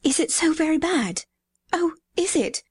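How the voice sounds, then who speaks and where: A woman reading a storybook, putting on the voice of a frightened elegant young mother who pleads in a high, breathless way. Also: animated, measured pace, dry recording. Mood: panicked.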